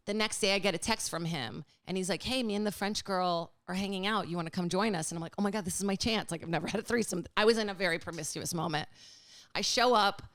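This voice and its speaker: A woman's voice: mid-range voice, fast talker, a bit bright, no echo. A woman in her thirties, a comedian guest, telling a frank, chatty story on a podcast with lots of "like". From Brazil. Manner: chatty, frank, heavy use of "like".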